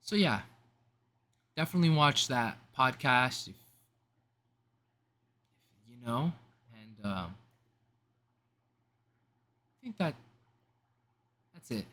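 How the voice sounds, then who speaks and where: A man's voice: mid-range voice, big pitch swings, slow pace, pauses often, sharp tone. A young man talking casually to camera in a rambling vlog, slangy and often cutting himself off mid-thought. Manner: rambling, self-interrupting, slangy. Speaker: vlogger.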